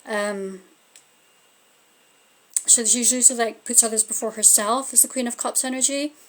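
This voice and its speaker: Woman doing a chill tarot reading, kinda high voice, lots of "like"s, thinking out loud. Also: steady tone, moderate pace. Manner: chatty, musing aloud, frequent "like" fillers. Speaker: tarot reader and spiritual medium.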